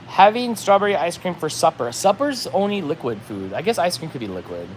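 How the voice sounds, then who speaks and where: A man's voice: on the high side, very animated, a little fast, a little hiss or hum. A man hosting a casual livestream, rambling with lots of "like" and reading chat comments aloud. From New England. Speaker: livestream host.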